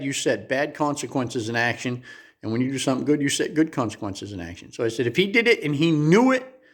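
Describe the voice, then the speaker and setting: Man, motivational talk, earnest and folksy, mid-range voice. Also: mid-range voice. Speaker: motivational speaker.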